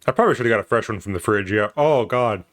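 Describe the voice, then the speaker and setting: A man's voice: on the low side, animated, fast talker. Chatty self-mocking male streamer. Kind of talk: casual live-stream chat.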